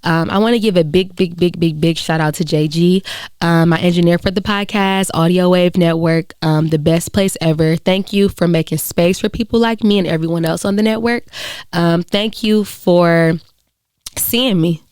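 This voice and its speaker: Solo podcast host, young adult woman, smooth lower-pitched voice, dry close sound, earnest and encouraging. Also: normal speed, a little mellow, no room sound. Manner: earnest, encouraging, conversational with many fillers. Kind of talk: reflective solo podcast talk.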